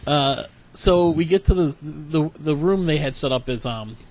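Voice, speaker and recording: A man's voice: a little high, unhurried, a little mellow. A man co-hosting a podcast, chatting casually and rambling through stories with acted-out quotes. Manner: rambling storyteller, acts out quotes. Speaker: podcast co-host. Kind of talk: casual chat.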